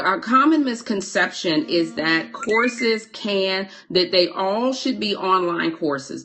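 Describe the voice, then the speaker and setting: A woman's voice: mid-range voice, fairly bright tone. A woman coaching on a live stream, chatty, stopping mid-sentence to greet and thank viewers, often repeating her words. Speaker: online course coach. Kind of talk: live-streamed teaching while reading viewer comments.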